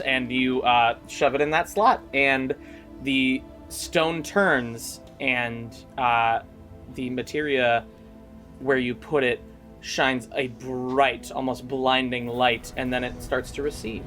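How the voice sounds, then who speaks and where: A man's voice: mid-range voice, fairly even intonation, takes it slowly, a bit bright, faint music behind. A man narrating a tabletop game as game master, casual with many fillers.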